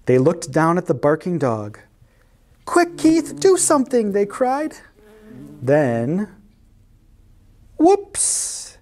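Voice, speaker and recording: Slow, expressive woman reading aloud. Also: low-pitched, a little hiss or hum. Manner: expressive, storytelling. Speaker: children's librarian. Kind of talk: picture-book read-aloud.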